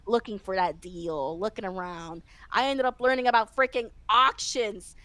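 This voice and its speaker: A woman chatting as an interview guest, excitable and rambling, with frequent laughs and restarts. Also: mid-range voice, moderate pace, dry recording, low-quality recording. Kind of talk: casual chat.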